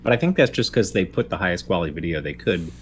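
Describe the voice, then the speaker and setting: A man with a fairly deep voice that swings widely up and down as he talks. He co-hosts a casual podcast chat, sarcastic and quick to swear. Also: a little hiss or hum. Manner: sarcastic, swears freely, animated. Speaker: podcast co-host.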